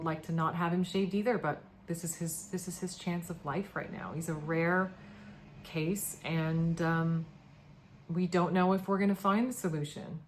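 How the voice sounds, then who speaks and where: Woman vlogger, low voice, sleep-deprived, earnest and halting. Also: slight background noise. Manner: emotional, halting, many fillers and restarts. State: tired from lack of sleep. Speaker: pet owner vlogger. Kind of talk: casual to-camera update.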